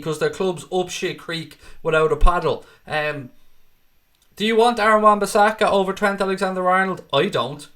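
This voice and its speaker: A man's voice: on the high side, bright, forceful tone. A man hosting a casual fan channel livestream, answering viewer comments in a blunt, outspoken and often profane way. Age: adult with a wife and kids.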